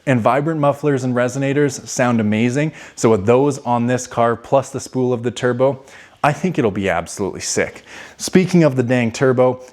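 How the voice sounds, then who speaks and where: Young man, car vlog host, brash, slangy, casual swearing, mid-pitched voice. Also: darkish tone. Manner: mocks commenters in a raised whiny voice. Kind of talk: casual garage vlog talk.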